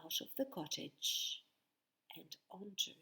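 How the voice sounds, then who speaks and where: A woman reads a picture book aloud to children in a playful way, inviting them to join in. She speaks slowly, with a gravelly edge in her voice. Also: lowish voice, expressive, pushed and bright. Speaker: storyteller.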